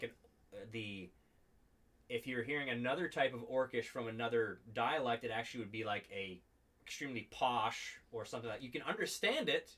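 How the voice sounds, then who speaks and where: Male game master, mid-pitched, loose rambling narration, sits a bit back from the mic. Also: fairly bright tone, far from the mic. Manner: rambling, full of "like" and restarts, laughs often.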